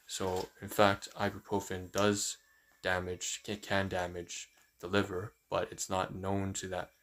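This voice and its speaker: A man on a casual live stream who reads a leaflet aloud haltingly, thinks aloud with frequent fillers and stumbles over long words. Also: low voice, completely flat delivery, fairly bright tone. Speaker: livestreamer.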